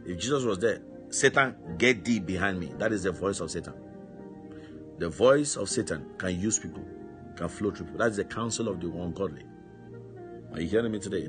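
A male pastor preaching a sermon with fervor, punctuating his points with amen and hallelujah. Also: low voice.

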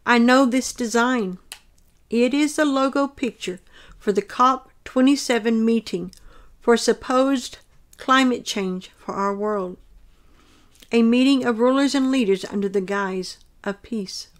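A woman reads her dream account aloud in an earnest, measured, descriptive manner. Her voice sits somewhat high for a woman.

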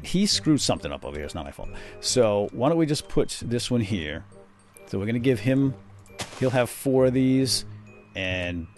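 A middle-aged man with a low voice chats his way through a game session and drifts into long, rambling stories along the way. His pitch swings widely from line to line. Faint music plays behind him. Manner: chatty storyteller, rambling asides. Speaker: host. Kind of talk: casual let's-play commentary.

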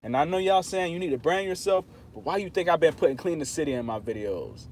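A man's voice: a little high, animated, quick pace, a little hiss or hum. A man hosting a casual livestream, talking straight to his viewers in a playful, insistent way. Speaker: channel host talking to live chat.

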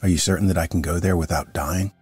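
A man reading the lines of a fussy, sharp-tongued dead woman, with curt, querulous replies. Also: deep voice, steady tone, fast, slightly rough, faint music behind. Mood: wistful. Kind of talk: audiobook reading of a character.

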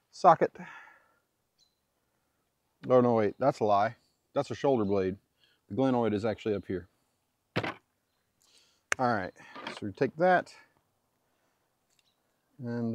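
This man's mid-range voice has a darkish tone, and the recording sounds muffled with no room sound. He's a homesteader casually explaining a butchering job as he works, wandering off, fixing his own words, and tossing in side comments.

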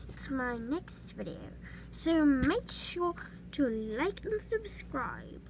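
A female voice pitched high and easy-going, walking through a homemade craft step by step at a slow, unhurried pace. She chats casually and keeps slipping into soft whispered asides. A faint hiss sits under the recording. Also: very animated. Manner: chatty, drops into whispered asides. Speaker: craft tutorial creator. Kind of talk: casual DIY tutorial chat.

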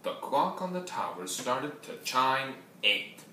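A man reading a picture book aloud in a lively storybook manner, adding sound effects. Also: medium pitch, takes it slowly, slight background noise. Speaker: reader. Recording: echoey room, mic far off.

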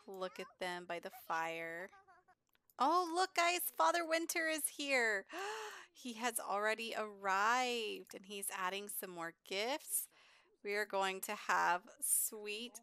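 A woman's voice: medium pitch, sharp tone, clear, resonant tone. A woman giving chatty, giggly gameplay commentary as a gaming YouTuber.

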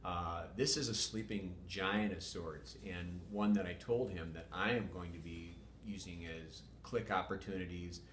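Older male guest, deep voice, measured and wordy delivery, echoey room with faint rumble. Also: fairly even intonation, fairly bright tone. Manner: measured, wordy, many fillers. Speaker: former police chief, guest. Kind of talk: casual interview talk.

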